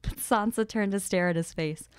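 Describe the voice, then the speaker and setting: A woman's voice: mid-range voice, normal speed, smooth, no room sound, studio quality. A woman podcast co-host reading fan fiction aloud, often breaking into giggles.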